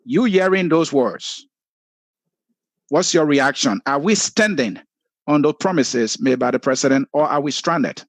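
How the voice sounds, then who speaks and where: A man's voice: a little high, expressive, measured pace, no room sound. A man with a Liberian accent, hosting a political talk show, formally listing points to put to his guest.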